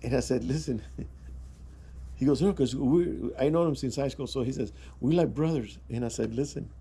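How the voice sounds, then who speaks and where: A man's voice: mid-range voice, moderate pace, mellow, slight background noise. A man vlogging, telling rambling anecdotes in a casual way, with restarts and chuckles. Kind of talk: casual storytelling.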